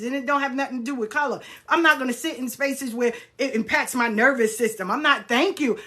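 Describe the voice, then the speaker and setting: A middle-aged woman hosting her own channel, talking casually and bluntly to viewers, animated and swearing freely. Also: on the high side. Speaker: spiritual practitioner, channel host. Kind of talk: casual spoken reflection to viewers.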